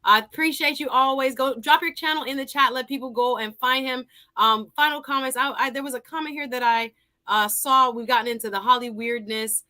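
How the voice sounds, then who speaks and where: A woman hosting a live call-in show, briskly affirming callers and moving them along. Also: high-pitched, steady tone, pushed and bright. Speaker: host.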